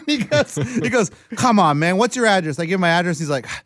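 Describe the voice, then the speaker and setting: A man's voice: sits high, a little fast, no echo. A man telling a story in casual chat, acting out the other people's lines in voices. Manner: animated, acts out dialogue in voices.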